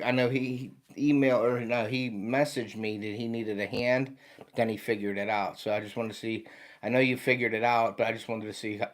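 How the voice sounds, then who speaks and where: A man's voice: on the low side, fairly bright tone. Man, 50s, American accent, casual livestream host, tired, chatty, greets viewers by name. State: tired, yawning. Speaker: outdoor channel host.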